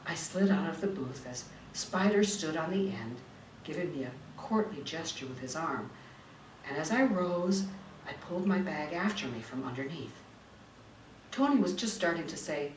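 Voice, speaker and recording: A woman author and former tabloid reporter reads her memoir vividly and dramatically, then chats and restarts sentences in an interview. Her voice sits low with lively intonation at a moderate pace, picked up by a distant mic in a roomy space with faint noise.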